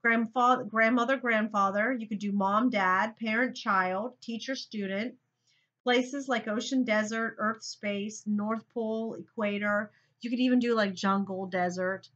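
Bright-voiced teacher thinking aloud. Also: female voice, fairly high pitch, fairly even intonation, measured pace, lo-fi sound. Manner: thinks aloud, talks directly to students. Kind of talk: recorded grammar lesson for students.

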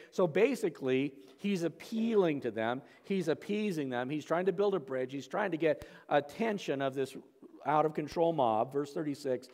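Male pastor, conversational verse-by-verse preaching, slightly high voice, long church-hall echo. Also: darkish tone. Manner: conversational, asides with "okay?" and "right?". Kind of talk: expository sermon. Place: church sanctuary.

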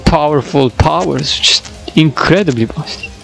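A man's voice: a little high, unhurried, gravelly, soft background music, low-quality recording. Giggly young man rambling over gameplay. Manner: rambling and giggly, gets loud and excited. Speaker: gaming YouTuber. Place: home computer setup. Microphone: desktop microphone.

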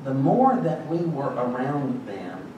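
A man's voice: medium pitch, big pitch swings, slow pace, lo-fi sound. A man preaching a sermon as pastor, in a conversational, joking storytelling way. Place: church sanctuary. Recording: very echoey church, distant mic, background noise.

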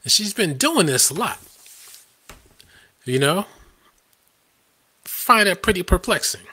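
A man with a husky, bright and edgy voice, pitched a little high for a man. He hosts a live stream, where he rants in a combative, scoffing way and often laughs at his own points. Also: very animated, slow. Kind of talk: ranting live-stream commentary.

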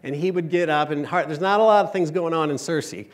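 A man in his late forties from Michigan giving a humorous, storytelling inspirational talk to a live church audience, building to loud emphatic peaks. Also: a little high, fast. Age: 40s. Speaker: speaker at a church conference.

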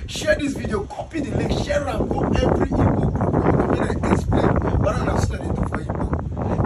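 A man's voice: sits high, expressive, normal speed, very noisy. A man with a Nigerian accent delivering a preachy, repetitive comic rant, often breaking into laughter. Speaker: comedy skit host.

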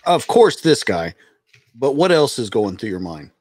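A man's voice: mid-range voice, sing-song, a little slow, darkish tone, slightly rough. A man interviewing a guest, asking direct, probing questions. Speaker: podcast interviewer.

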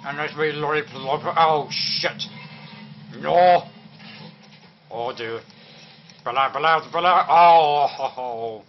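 A man's voice: fairly high pitch, slow, pauses often. A man voicing a rowdy drunk young man over a video game, slurring, rambling and swearing, on a muffled recording. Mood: drunken rambling. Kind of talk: game voice-over role-play. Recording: muffled lo-fi with faint noise.

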